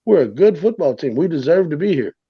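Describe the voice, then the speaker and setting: A man's voice: a little high, big pitch swings, a little fast, breathy edge, highs cut off. A man from South Tampa co-hosting a casual sports podcast, brash and emphatic, swearing freely.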